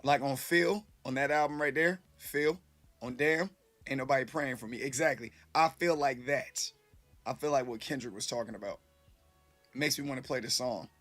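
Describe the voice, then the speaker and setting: A man's voice: medium pitch, moderate pace, a bit bright, faint music behind. A man casually chatting with his live-stream viewers, rambling loosely and swearing freely, a little tipsy.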